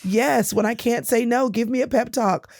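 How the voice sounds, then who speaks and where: A woman host chatting with her guest, quick and encouraging as she builds up to a question. The sound is dry and close, with no room around her. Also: on the high side, a little mellow, no echo. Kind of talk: casual interview chat.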